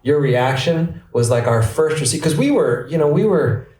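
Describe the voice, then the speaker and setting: A filmmaker on a press panel recounting a story earnestly, halting and repeating words as he goes. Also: fairly high pitch, lively intonation, a little mellow. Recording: echoey room, distant mic.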